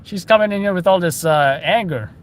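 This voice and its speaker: A man's voice: high voice, brisk, heavy background noise. A man giving chatty, wry running commentary while filming live on a city street at night. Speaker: street news videographer.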